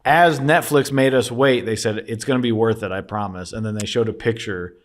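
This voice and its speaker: Young Midwestern podcast co-host, lowish voice, loose joking delivery that keeps slipping into silly impressions. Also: male voice, a little fast. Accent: American Midwest. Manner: acts out quoted people in silly voices, laughs often. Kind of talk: casual comedic chat.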